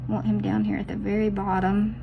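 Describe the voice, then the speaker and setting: A woman's voice: medium pitch, little pitch movement, a little fast, vocal fry, dull audio, background noise. A woman, chatting casually to viewers as she does her nails, teasing herself as she goes. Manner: chatty, self-teasing, talks straight to viewers. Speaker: nail art vlogger. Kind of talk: casual chat while doing nails.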